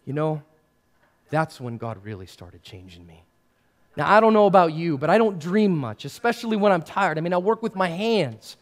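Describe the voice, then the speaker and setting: A male pastor giving a first-person character sermon, addressing listeners directly and swinging between hushed and raised passages. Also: fairly high pitch, big pitch swings, moderate pace. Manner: speaks to listeners directly as "you" and "guys".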